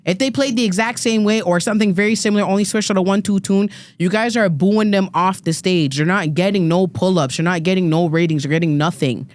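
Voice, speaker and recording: Speaking briskly with hardly any pauses, a woman in her thirties delivers a heated, profane rant as a podcast guest panelist, full of emphatic repeats and stumbles. Her medium-pitched voice is a little mellow, and there's no room sound.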